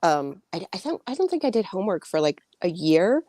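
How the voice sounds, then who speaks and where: Low-voiced woman with a slight lisp. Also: very animated, fairly quick, warm tone, dry recording, studio quality. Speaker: author guest. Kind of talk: casual chat.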